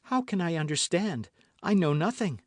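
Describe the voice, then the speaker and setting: A man's voice: a little high, sing-song, normal speed, no room sound, clean studio sound, voice pushed up. A man voicing a timid, pleading young novice. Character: young woman novice, timid, jealous, devoted.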